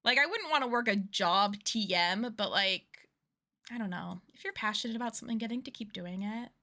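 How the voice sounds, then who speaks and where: A woman's voice: medium pitch, brisk, bright, forceful tone. A woman streamer chatting casually and enthusiastically over a game, often giggling. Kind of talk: casual gameplay commentary.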